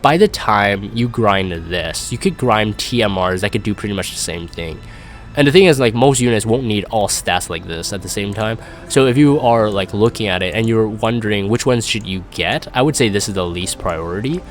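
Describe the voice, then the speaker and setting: A man's voice: on the low side, animated, normal speed. A young man chatting casually as a gaming YouTuber, rambling and self-deprecating while reading live comments.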